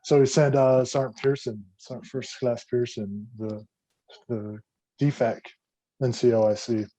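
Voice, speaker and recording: A man, an army veteran guest on a podcast, telling war stories in a casual, profane, animated way. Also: mid-range voice, measured pace, no room sound, rough recording. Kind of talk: casual storytelling.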